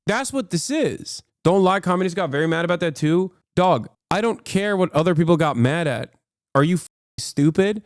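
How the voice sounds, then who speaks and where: On a livestream, a high-pitched, expressive man reacts in a combative rant, recorded clean in the studio with no room sound. He talks fast, swears constantly, and keeps chopping off his own swear words amid fillers.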